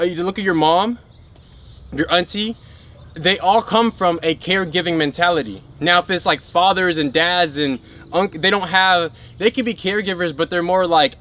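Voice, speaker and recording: A man's voice: high-pitched, fairly bright tone. A man giving an emphatic spiritual teaching talk who keeps checking in with his listeners.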